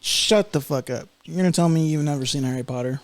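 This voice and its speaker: A man's voice: a little high, fast talker, dry recording. A man co-hosting a casual podcast, joking around, teasing his co-host and swearing freely. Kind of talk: casual chat.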